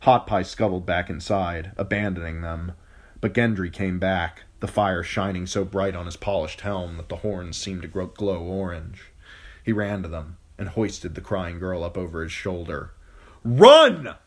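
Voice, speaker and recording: Low-voiced male audiobook narrator. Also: moderate pace. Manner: steady storytelling with occasional slips. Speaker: audiobook reader. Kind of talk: scripted narration.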